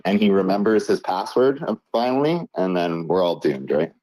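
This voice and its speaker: Male co-host, mellow, lively pitch, teasing. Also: normal speed, no room sound, low-quality recording. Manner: teasing and needling. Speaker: co-host on a stream. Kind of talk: casual live-stream chat.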